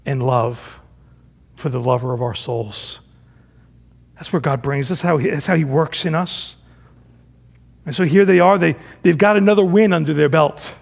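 A man preaching with a high, gravelly voice. He swings from loud, pressing emphasis down to hushed, drawn-out phrases. Now and then he acts out his characters in a casual voice. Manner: acts out the Israelites' complaints in a casual voice. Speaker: pastor. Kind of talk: sermon.

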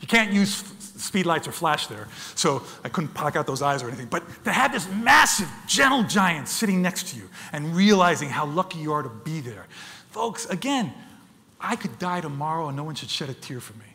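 A man's voice: on the high side, very animated, normal speed, bright, forceful tone. A man giving a wildlife photography talk, telling dramatic stories and acting out sounds and voices as he addresses the audience as folks. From United States. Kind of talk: lively storytelling presentation to an audience. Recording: long hall reverb.

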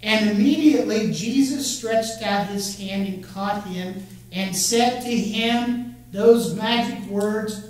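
A man preaching a sermon, expressive and talking straight to the congregation, urging them to join in. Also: sits high, slow pace. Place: church sanctuary. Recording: very echoey church, voice from far off the mic, faint hum.

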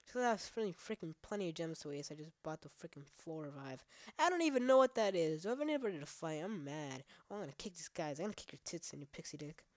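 Brief: low-voiced woman, casual let's play host, rambling and profane. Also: big pitch swings, fast talker, hardly any pauses, dry recording. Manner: rambling, profane, many fillers; trash-talks the game. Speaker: gaming channel host.

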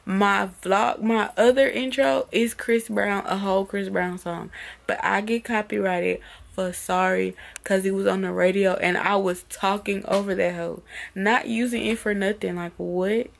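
A woman's voice: medium pitch, steady tone, measured pace, vocal fry. A young woman talking casually to her vlog audience in slangy speech, packing nearly every phrase with "like" and "bro.". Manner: exasperated, venting. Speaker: vlogger.

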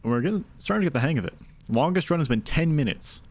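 A man's voice: on the high side, lively intonation, fast talker, darkish tone. A man streaming a video game, giving chatty, casual commentary and thinking aloud while he talks to his viewers. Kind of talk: casual commentary over gameplay.

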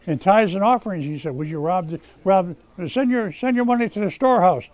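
Man, pastor, sermon, high voice, dry close mic, scolding then hushed. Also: lively intonation, brisk, hardly any pauses, dry recording. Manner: scolding, swings from loud rebuke to quiet prayer. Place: rescue mission chapel.

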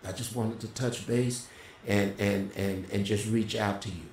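A middle-aged man telling a personal testimony in a casual, animated way, as a co-host. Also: brisk, a little hiss or hum. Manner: animated storyteller, voice jumps high when quoting. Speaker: prophet and co-host. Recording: roomy echo.

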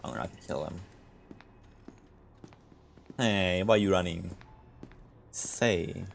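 A man's voice: sits low, slow, vocal fry, slight background noise. A man streaming a multiplayer game, chatting casually with players and laughing often. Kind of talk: casual gaming livestream chat.

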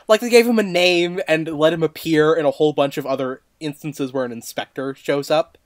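A woman's voice: deep voice, a little fast, no room sound. A woman co-hosting a book club podcast, chatting casually and swearing as she mocks the characters. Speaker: podcast co-host.

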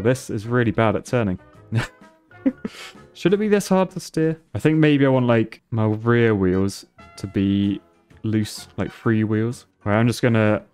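A man's voice: medium pitch, darkish tone. A man commentating his gameplay on a stream, thinking aloud and laughing often.

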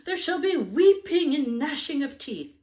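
A woman's voice: on the low side, slow pace. A woman voicing a dramatic young girl who makes mock-solemn, theatrical pronouncements in a storybook reading.

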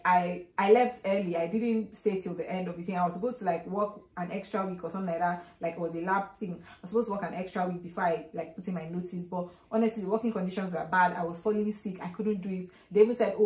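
A woman's voice: on the low side, steady tone, fast, few pauses, darkish tone, reverberant. A young woman giving casual, emphatic advice as a vlog co-host, repeating her points and acting out quoted exchanges.

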